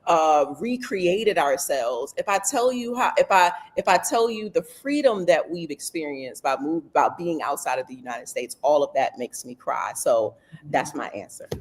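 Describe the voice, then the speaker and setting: Woman guest, slightly low voice, earnest, emotional, repeating phrases. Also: expressive, moderate pace. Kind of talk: casual panel talk.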